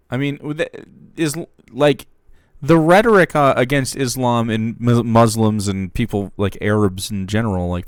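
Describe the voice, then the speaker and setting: Dry, sarcastic streamer reacting. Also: male voice, on the low side, no room sound. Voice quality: casual, sarcastic, swears freely. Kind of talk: casual reaction commentary.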